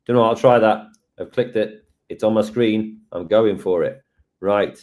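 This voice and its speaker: A man co-presenting a live software lesson, relaxed and thinking aloud as he works. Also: lowish voice, normal speed, phone-quality sound.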